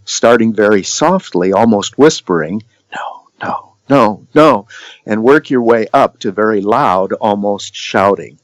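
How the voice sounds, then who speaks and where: A man teaching voice and communication skills in a measured, demonstrative delivery, pausing deliberately between points. His voice sits a little low. The recording is dry and close, with no room sound. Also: no room sound, rough recording. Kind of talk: scripted instructional narration.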